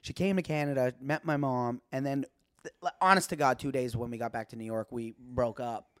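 A young man, a comedian guest, telling a story in casual podcast chat, with many stammered restarts and big jumps in pitch when he quotes himself. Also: steady tone, a little fast, no echo, clean studio sound.

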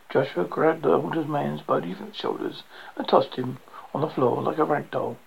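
Gravelly audiobook reader. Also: medium pitch, normal speed, muffled recording. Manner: plain reading with restarts. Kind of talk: audiobook narration.

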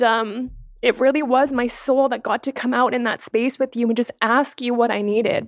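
Woman, earnest podcast co-host, mid pitch, dry close sound. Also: no echo. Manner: earnest, emotional, open. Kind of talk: casual podcast conversation.

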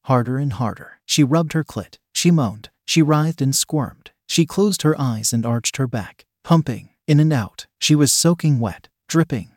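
A man reading a first-person story aloud in a steady, even way. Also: mid-range voice, dry recording, studio quality. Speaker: narrator.

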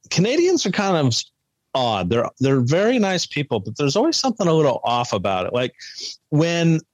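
A man co-hosting a podcast in casual chat, recapping in a relaxed, hesitant way. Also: on the high side, dry recording, rough recording. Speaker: podcast co-host.

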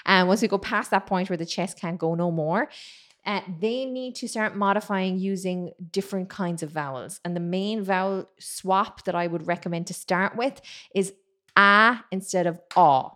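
A woman singing coach who explains vocal technique, then sings vowel drills to demonstrate. She teaches with lively enthusiasm. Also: mid-range voice, moderate pace. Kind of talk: vocal lesson with sung demonstrations.

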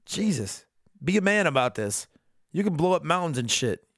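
A man's voice: on the high side, big pitch swings, normal speed, vocal fry, fairly bright tone, no room sound, studio quality, pitched above the performer's own voice, heavily acted. A man doing an exasperated, scolding fighter. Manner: profane, scolding.

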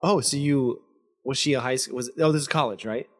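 A man's voice: mid-range voice, a little fast. A young man hosting a casual podcast chat, joking and self-deprecating, slipping into voices when he retells stories. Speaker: podcast host.

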